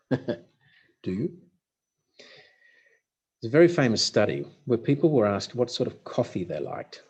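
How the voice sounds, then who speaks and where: A man gives a motivational talk on stage. His husky voice swings up and down as he tells stories, punchy with dry humor. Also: mid-range voice, big pitch swings, a little slow, long pauses, a little mellow. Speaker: speaker.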